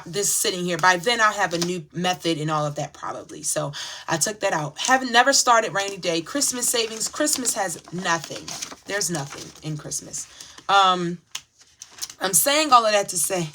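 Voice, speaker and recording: A woman vlogging in a casual, chatty way, talking straight to her viewers. She turns emotional and dramatic as she sorts through her budget. Her tone is bright and forward. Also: medium pitch. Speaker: channel host sharing her budgeting routine. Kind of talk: casual chat to viewers while sorting cash envelopes.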